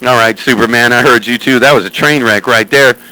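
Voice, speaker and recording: Over CB radio, a man livestreams as he chats and jokes with fellow operators, teasingly calling out their handles over and over, like "hey, Sandman." His voice is mid-range and steady, a little fast, with background noise.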